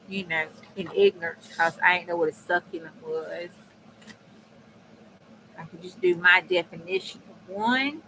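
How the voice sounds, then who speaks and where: A woman chatting casually on a crafting livestream, folksy and prone to excited laughter. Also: lowish voice, slight background noise, low-quality recording. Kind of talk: casual live-stream chat while crafting.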